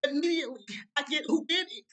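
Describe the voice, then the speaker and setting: High-pitched woman, casual profane storyteller, talks straight to viewers. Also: fast, low-quality recording. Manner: animated, profane, frequent "right?" asides to viewers. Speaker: storyteller vlogger.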